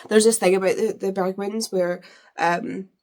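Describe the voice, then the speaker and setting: A woman's voice: medium pitch, steady tone, normal speed, a little mellow. Chatty woman gushing over books. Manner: gushing, chatty, many fillers. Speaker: book vlogger. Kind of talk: casual unboxing chat.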